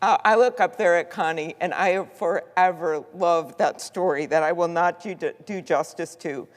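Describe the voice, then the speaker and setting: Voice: medium pitch, normal speed. A senator giving a heartfelt floor tribute in a large legislative chamber, telling a story with the occasional "uh" and "um". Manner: heartfelt, storytelling, with filler ums. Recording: long reverb of a large chamber.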